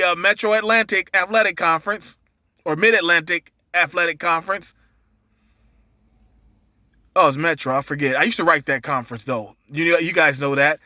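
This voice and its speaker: A man with a high, bright voice hosts a sports betting show, running through the day's picks in a casual monologue. He rambles, trips over names and restarts his sentences. His voice comes across dry and close, with no room sound. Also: no room sound. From Cincinnati area. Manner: loose, rambling, with many fillers and restarts. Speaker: sports betting podcast host.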